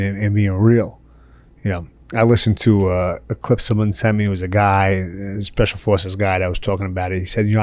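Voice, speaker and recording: Speaking candidly on a podcast, a middle-aged man from the Bronx, New York, keeps the interview casual, laughing a lot and repeating "you know." His voice is lowish and a little mellow, recorded with no room sound.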